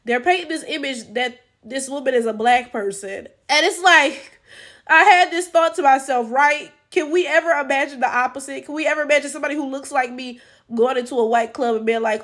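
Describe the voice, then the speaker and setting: A woman's voice: high-pitched, fairly quick, fairly bright tone. A woman giving blunt, profane, incredulous reaction commentary full of rhetorical questions. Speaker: reaction channel host.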